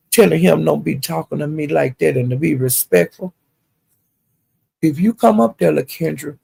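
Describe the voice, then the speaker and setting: Older woman, very gravelly, husky voice, profane animated storytelling. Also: sits low. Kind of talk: casual profane rant.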